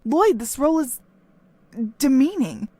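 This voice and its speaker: A woman's voice: sits high, very animated, a little slow, warm tone, a little hiss or hum. An actress playing a principled, protective young woman who protests in disbelief. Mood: indignant. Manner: incredulous, protesting. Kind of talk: audio drama acting.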